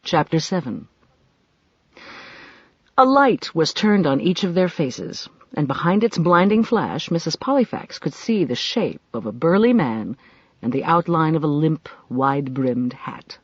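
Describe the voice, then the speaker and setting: An audiobook narrator reading a mystery novel in measured storytelling. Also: medium pitch, very animated, husky, no room sound, highs cut off.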